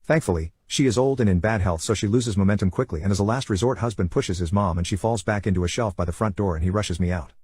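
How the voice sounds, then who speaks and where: A man narrating internet stories in a calm, scripted storytelling voice. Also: lowish voice, fast talker, few pauses, breathy edge, no echo.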